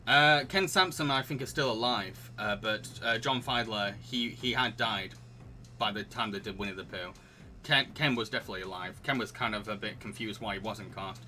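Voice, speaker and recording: A quiz host with a lowish, pushed, bright voice speaks at a moderate pace over soft background music. On his livestream he reads out questions and options, laughing and chatting with his audience as he answers chat in a giggly way.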